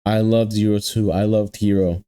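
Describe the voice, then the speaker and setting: A man's voice: lowish voice, little pitch movement, moderate pace, warm tone, clean tone. A young man hosting an anime reaction video, ranting in exasperation, repeating himself and using lots of slang, and talking straight to his viewers. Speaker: anime reaction channel host.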